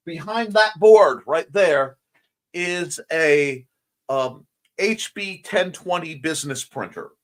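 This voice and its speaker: A man runs a laid-back morning livestream from a room at home, and he sounds sleepy between yawns. His voice sits a little high for a man. He rambles and jokes, greeting viewers one by one as he reads their messages. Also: a little slow, fairly bright tone. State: sleepy, yawning. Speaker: host of a morning livestream show. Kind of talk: casual livestream chat reading comments.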